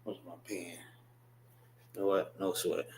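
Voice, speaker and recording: A man's voice: sits low, level tone, unhurried, reverberant, noisy background. A man teaching a class, patiently repeating words and spelling them out letter by letter. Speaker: class instructor. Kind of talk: classroom lesson on writing and pronunciation.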